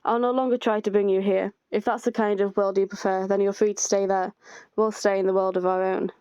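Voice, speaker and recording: A woman's voice: medium pitch, flat delivery, a little fast, mellow, clear, resonant tone, no room sound, lo-fi sound. A woman playing through a story game, reading all the characters' lines aloud herself and adding her own comments. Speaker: gamer reading a visual novel aloud. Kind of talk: playthrough narration voicing every character.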